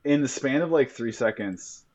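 A man co-hosting a casual podcast chat, talking with animated excitement and frequent swearing. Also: medium pitch, normal speed, muffled recording. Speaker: podcast co-host.

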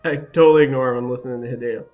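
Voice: mid-range voice, fairly even intonation, very fast, narrow, tinny audio, soft background music. A player in a tabletop role-playing game, playful and laughing often. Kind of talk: casual tabletop role-play.

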